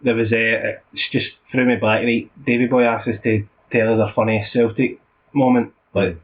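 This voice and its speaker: A Scottish man co-hosts a football podcast, chatting casually and telling animated stories with lots of laughter. His voice is medium-pitched at a moderate pace, captured in muffled, lo-fi podcast audio with slight background noise.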